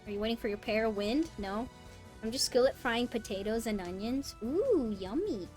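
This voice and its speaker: High-pitched girl streamer muttering n cursing over her game, faint music behind. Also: lively intonation, moderate pace, darkish tone. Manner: swings from mumbled muttering to high yelps of disbelief, swears often. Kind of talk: casual live-stream chat while gaming. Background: faint background music.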